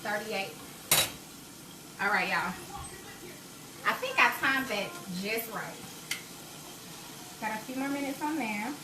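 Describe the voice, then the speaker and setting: A woman's voice: fairly high pitch, slow, pauses often, noisy background. A woman, hosting a live home cooking stream, chatting with viewers and urging them to pray. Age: 30s. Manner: chatty, preachy, encouraging faith talk. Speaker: cooking show host. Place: home kitchen.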